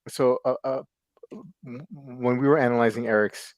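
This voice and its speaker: Speaking at a normal speed with a steady, medium-pitched voice, this thirty-something American podcast host rambles through hellos to his livestream chat, stumbling and restarting often. The audio is studio quality with no echo.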